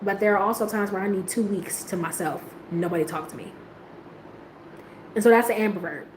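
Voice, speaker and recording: A woman host chats casually and briskly in an echoey room with faint ambient noise. Her talk is slang-heavy and rambling, full of laughter, jumping into high squeals when she quotes herself and trailing off quietly.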